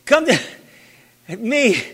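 A man's voice: very high voice, sing-song, drawn-out words, pushed and bright, breathy edge. A male pastor preaching a sermon, repeating his phrases and calling out for amens from the congregation. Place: church hall. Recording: long reverb of a big hall.

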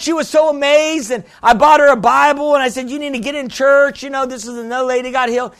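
High-voiced preaching man. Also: quick pace, hardly any pauses. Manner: animated preacher, swings from quiet storytelling to shouted exclamations. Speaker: pastor. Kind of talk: sermon.

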